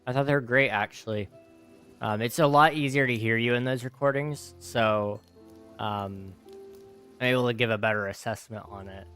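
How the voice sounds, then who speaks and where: A man's voice: lowish voice, fairly even intonation, normal speed, a bit bright, smooth, soft background music. A tired young man casually chatting with his viewers while gaming on a livestream, rambling and answering chat. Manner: easygoing, rambling, reads chat aloud and answers it. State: tired, yawning. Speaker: gaming streamer.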